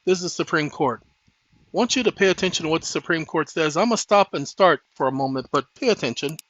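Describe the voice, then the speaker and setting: A man hosting his own channel, lecturing viewers in a preachy, insistent way that turns loud and heated. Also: fairly high pitch, fairly quick, no room sound, dull audio. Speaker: host. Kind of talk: impassioned legal lecture to viewers.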